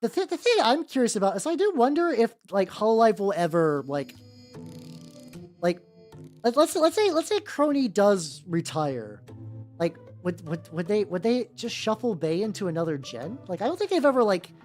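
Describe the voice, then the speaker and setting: Painting miniatures on a casual stream, this VTuber's voice sits high with a darkish tone, very animated but at a moderate pace. He swears freely, wanders off on tangents and often starts his sentences over, with faint music in the background.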